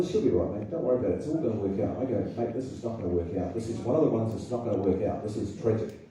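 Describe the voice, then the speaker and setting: A public speaker with a New Zealand accent holds forth at a political seminar, emphatic and tossing rhetorical questions at the audience. His medium-pitched, dark voice comes from far off in a very echoey public hall, with slight background noise.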